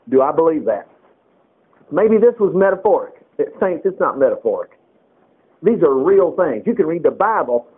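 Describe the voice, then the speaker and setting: Animated male preacher on tinny radio. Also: sits high, breathy edge. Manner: animated, reads scripture aloud and comments, teasing asides. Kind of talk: radio Bible teaching. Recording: tinny phone-like radio broadcast.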